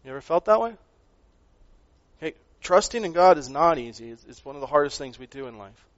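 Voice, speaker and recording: A man preaching a sermon, earnest, rising to loud emphasis and dropping to quiet asides, often repeating words as he goes. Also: fairly high pitch, big pitch swings, brisk, no room sound, lo-fi sound. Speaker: pastor.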